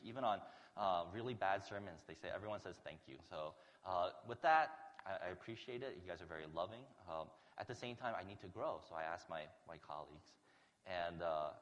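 Pastor guy giving a sermon, kinda low voice, chatty and earnest, big echoey church. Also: muffled recording. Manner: earnest, conversational preaching with restarts.

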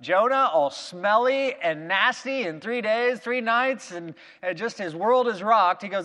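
High-voiced male preacher telling a story. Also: measured pace, hardly any pauses. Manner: lively storytelling with acted-out quotes. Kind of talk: sermon retelling a Bible story. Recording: long reverb of a big hall.

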